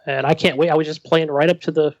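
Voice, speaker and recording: A man co-hosting a podcast with a slightly high voice, rambling eagerly through casual talk with plenty of ums. The sound is dry and close, with no room around it. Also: level tone, quick pace, gravelly, no echo, muffled recording. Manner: enthusiastic, rambling, filler-heavy. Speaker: podcast co-host. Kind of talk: casual chat.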